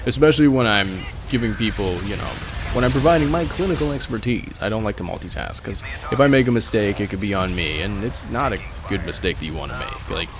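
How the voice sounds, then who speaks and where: A man's voice: on the low side, expressive, fast, few pauses, noisy background. A man hosting a gaming channel, rambling through a long story while giving orders in a strategy game, laughing often and breaking off mid-thought. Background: game music.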